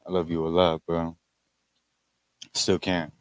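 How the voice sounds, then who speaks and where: A man with a very low, flat voice speaks loudly and casually at a memorial, laughing now and then. His tone is smooth and the sound is close and dry. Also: slow pace, no room sound. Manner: loud, warm, casual, laughing between lines. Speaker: friend giving a memorial tribute. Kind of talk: memorial speech.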